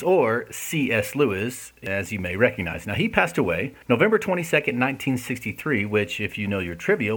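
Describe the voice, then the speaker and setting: A man's voice: fairly low pitch, fairly bright tone, slightly rough. A man speaking in an earnest, conversational way, often checking in with his listeners. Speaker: speaker discussing an essay. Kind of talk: casual reflective talk.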